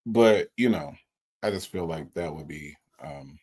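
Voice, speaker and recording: A livestream host delivers mocking, incredulous commentary between reading out viewers' super chats. The pitch swings widely from line to line, giving the talk an animated, sing-song feel. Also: measured pace, slightly rough.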